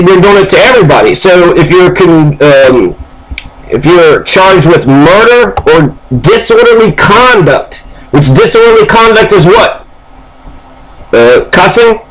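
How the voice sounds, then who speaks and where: A man's voice: on the high side, fairly bright tone, rough recording. A man from Kentucky giving casual news commentary, reading passages aloud and then reacting with frequent ums and uhs.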